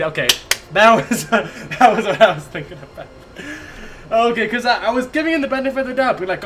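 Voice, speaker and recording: A young man casting a strategy game live from his home attic, excitable, laughing often and chatting with his viewers. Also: on the high side, a little fast, a little hiss or hum. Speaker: esports caster. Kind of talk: live game commentary with chat banter.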